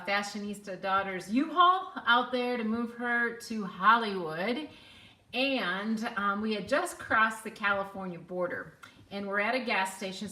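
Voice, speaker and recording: Chatty middle-aged woman hosting, bright, roomy. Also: mid-range voice. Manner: chatty, acts out quoted dialogue. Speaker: host. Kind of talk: casual storytelling vlog. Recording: roomy echo.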